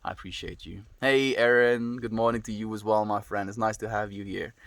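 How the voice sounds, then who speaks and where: A South African man casually live-streaming from his farm, calmly reflecting and greeting viewers by name. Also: fairly low pitch, brisk, creaky, no echo. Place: outdoors on a rural farm.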